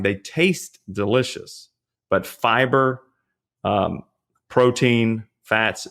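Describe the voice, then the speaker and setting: A man, a pastor and fitness trainer, talking as a podcast guest and giving casual nutrition advice in a relaxed, chatty way, often checking in with "you know what I mean?". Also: fairly low pitch. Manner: relaxed, chatty, frequent fillers and rhetorical checks.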